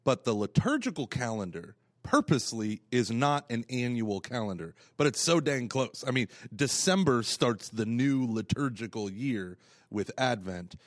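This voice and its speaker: A man banters as co-host of a church podcast, teasing his partner and laughing through his lines. His voice sits at a middle pitch. It is recorded close and dry, with no room sound. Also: big pitch swings, normal speed, no room sound. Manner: jokey, laughs often, teasing. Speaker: podcast co-host, parish evangelization coordinator. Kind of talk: casual chat.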